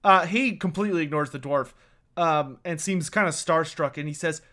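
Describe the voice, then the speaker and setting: A man running a tabletop role-playing game, narrating the scene in a loose, chatty way with plenty of fillers. His voice sits high and bright. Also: moderate pace. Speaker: game master.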